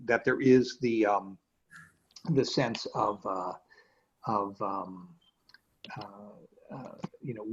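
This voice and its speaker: Male rabbi, casual class lecture, husky, halting with fillers, muffled call audio. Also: fairly low pitch. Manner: hesitant, many fillers and restarts. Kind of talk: conversational lecture. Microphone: video call. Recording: dull lo-fi video call audio.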